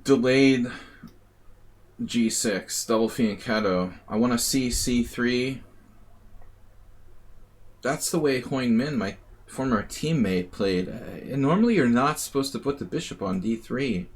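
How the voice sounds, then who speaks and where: A man's voice: mid-range voice, expressive, a little slow. A man streaming chess and thinking aloud in casual live commentary, teasing his opponent.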